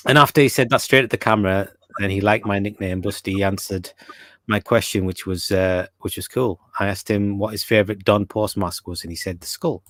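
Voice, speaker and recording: A man with a fairly low voice hosts a laid-back podcast and reads viewer comments aloud. He stumbles through fillers and restarts. The sound is dry and close, with no room echo. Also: fairly even intonation, brisk, a bit bright. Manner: hesitant, many fillers and restarts. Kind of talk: casual chat.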